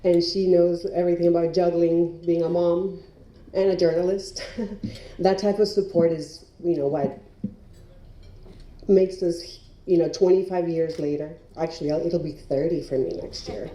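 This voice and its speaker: A woman in her fifties accepts an award with a dark, mellow voice, emotional and laughing often between her thanks. She is heard from some distance in a roomy ballroom. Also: on the low side, steady tone, unhurried, lo-fi sound. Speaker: award honoree, TV reporter. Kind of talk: acceptance speech. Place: large hotel ballroom at a luncheon. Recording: roomy hall sound from a distance.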